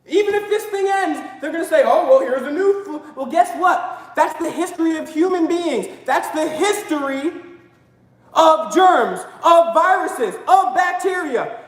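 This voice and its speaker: High-pitched woman ranting in an echoey room. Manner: fiery, ranting, often shouting. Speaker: live stream co-host. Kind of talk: impassioned political rant on a live stream. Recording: echoey room with long reverb.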